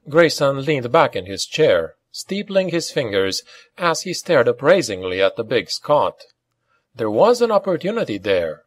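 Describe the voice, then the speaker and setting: A man reads fiction as an audiobook narrator in a measured, clear way. His pitch moves lively through the lines. The recording is close and dry, with no room echo.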